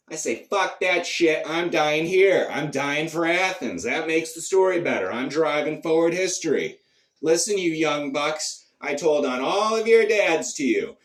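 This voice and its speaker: A man performing a profane comic rant, shifting between low mutters and sudden shouts. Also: animated, a little slow, reverberant, distant mic. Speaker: comedian. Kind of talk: character comedy monologue.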